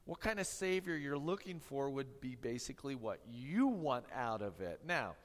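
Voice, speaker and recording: Pastor telling jokes in an echoing hall. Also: male voice, medium pitch, sing-song, normal speed. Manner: humorous, tongue-in-cheek storytelling. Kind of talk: sermon.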